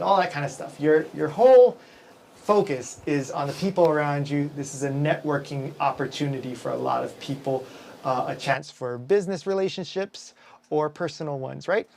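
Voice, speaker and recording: A man's voice: a little high, normal speed, gravelly, darkish tone, poor audio. A man hosting a casual business talk show, rambling with lots of fillers and restarts, working as an event emcee. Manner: rambling, filler-heavy, with frequent self-corrections.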